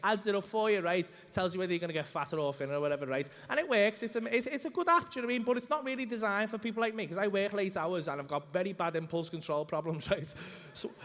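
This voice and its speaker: A man's voice: high-pitched, fast, few pauses, fairly bright tone. A man doing a stand-up routine on a comedy club stage, brash and sweary as he rambles through stories.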